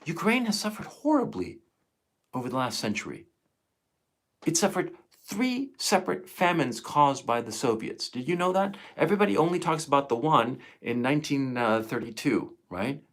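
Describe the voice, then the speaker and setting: A man's voice: mid-range voice, expressive, moderate pace, fairly bright tone. A man in his fifties ranting on a live stream, emotional and profane. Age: 50s. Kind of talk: angry live stream monologue.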